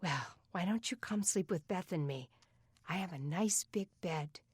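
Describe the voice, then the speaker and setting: A woman voicing a calm, caring older teenage girl who talks gently and reassuringly. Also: on the low side, measured pace, husky, no room sound, clean studio sound. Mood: gentle.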